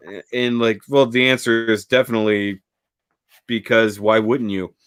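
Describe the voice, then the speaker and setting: A man co-hosting a casual review chat, animated and jokey and quick to swear. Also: lowish voice, clear, resonant tone, no echo. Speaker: co-host.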